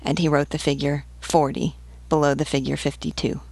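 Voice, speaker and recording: A woman reading a novel aloud in a measured, even manner. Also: low-pitched, creaky, breathy edge, no room sound. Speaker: book reader. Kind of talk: audiobook reading.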